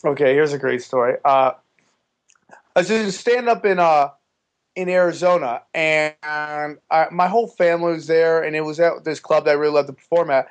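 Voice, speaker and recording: A man with a notably high-pitched voice tells a loose, profane story. He is a comedian and throws himself into it, acting out everyone in the tale as he goes. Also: moderate pace. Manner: animated, profane, acts out the voices in his stories. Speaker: stand-up comedian, guest. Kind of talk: casual storytelling.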